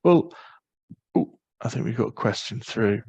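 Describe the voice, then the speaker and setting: A man with a Northern Irish accent presenting a webinar, explaining quickly and informally with many fillers. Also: medium pitch, animated, a little mellow, slightly rough, dry recording, rough recording. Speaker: webinar presenter on parental leave.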